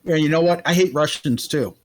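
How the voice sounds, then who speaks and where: A man's voice: on the high side, fairly quick. Crude, laughing man playing a tabletop game. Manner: crude, laughing, rambling with lots of likes. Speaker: player. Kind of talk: tabletop role-play, in and out of character.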